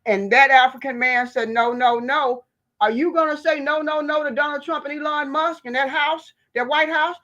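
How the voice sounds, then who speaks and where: Fiery high-voiced American woman ranting. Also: fairly quick, hardly any pauses, bright, forceful tone, dull audio. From United States. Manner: fiery, preachy, emphatic. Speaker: vlogger. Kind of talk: impassioned political rant.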